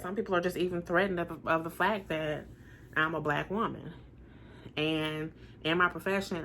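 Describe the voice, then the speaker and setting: A woman in her forties with a naturally deep voice, talking casually to camera in an earnest, emphatic way and repeating her points for weight. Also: vocal fry, sharp tone, slight background noise. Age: 40s. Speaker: vlogger sharing personal experiences.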